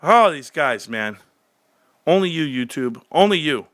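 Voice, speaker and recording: A man hosting a livestream, ranting brashly and cursing, swinging from low muttering to shouting excitement. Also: measured pace, dry recording, studio quality. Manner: profane, brash. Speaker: livestream host. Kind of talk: casual livestream rant.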